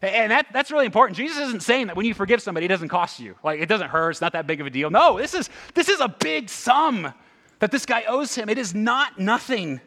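A man with a high voice preaches fast. As a pastor, he delivers his sermon in an animated, conversational way, peppering it with rhetorical questions and repeated "right?" asides.

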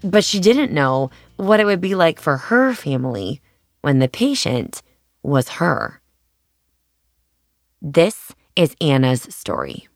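Low voiced woman doing earnest doc narration, dry mic, soft music under. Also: sing-song, slow, long pauses, no room sound. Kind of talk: scripted documentary narration.

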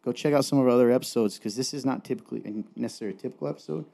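Fast-talking man podcast host, mellow voice. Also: medium pitch, vocal fry. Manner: upbeat, rambling, talks to listeners directly. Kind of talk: casual podcast sign-off.

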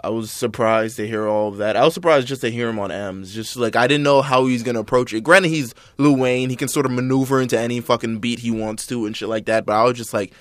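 Young male co-host, relaxed and profane, dry close mic. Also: mid-range voice, fast talker, few pauses, no echo. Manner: loose, profane, many fillers. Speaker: podcast co-host. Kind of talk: casual music chat.

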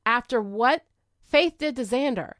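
A woman co-hosting a podcast in casual chat, emphatic and quick to agree. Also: a little high, a bit bright, no room sound, studio quality. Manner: emphatic, agreeing, sighs in disgust. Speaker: podcast co-host.

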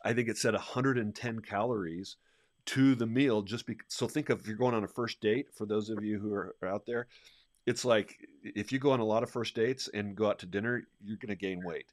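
Brief: low-pitched male podcast co-host, energetic and animated, dry close mic. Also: fairly quick, dry recording. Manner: energetic, animated storyteller who laughs often. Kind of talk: casual podcast conversation.

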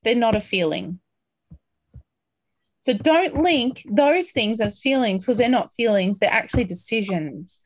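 Bright high-voiced woman coaching a group. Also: measured pace, no echo. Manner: upbeat, encouraging, acts out feelings with excited outbursts. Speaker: coach leading a group call. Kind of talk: motivational coaching talk.

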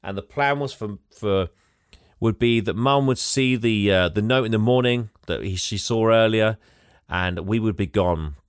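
A man's voice: lowish voice, a little slow, clear, resonant tone, no room sound, clean studio sound. A man casually recapping a film plot for a podcast, rambling and laughing as he acts out quotes. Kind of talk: casual chat.

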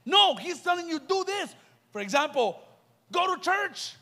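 A man's voice: extremely high pitch, big pitch swings, unhurried, bright, forceful tone. A young adult man giving an impassioned youth sermon, firing rhetorical questions at the crowd. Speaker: youth preacher. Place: church youth event.

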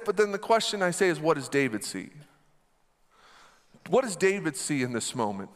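A man's voice: fairly high pitch, sing-song, normal speed, pauses often. A man delivering an emphatic sermon as pastor, repeating lines and asking the congregation to answer back. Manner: emphatic, repetitive, call-and-response.

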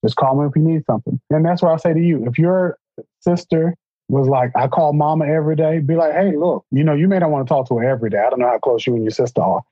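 A man in casual chat, telling family stories in an earnest, reflective way, with a husky voice. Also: on the high side, fast, no echo. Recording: dull, dry recording.

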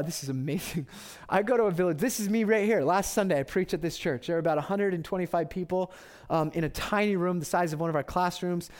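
A man in his thirties preaching a sermon, telling stories with loud excitement and then dropping to quiet reverence. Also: sits high. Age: 30s. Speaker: pastor.

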